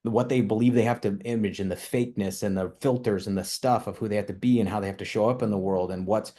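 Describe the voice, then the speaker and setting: A man's voice: fairly low pitch, steady tone, fast talker, warm tone. A man with a toddler at home, giving an impassioned motivational training talk to his team. He rambles, restarts his sentences and keeps tagging them with questions. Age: young adult to middle-aged, with a toddler.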